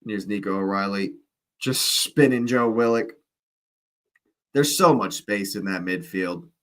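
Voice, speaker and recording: A man's voice: fairly low pitch, unhurried, a bit bright. Slangy man doing live match commentary. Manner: chatty, exclaims at play, slangy asides. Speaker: watch-along host.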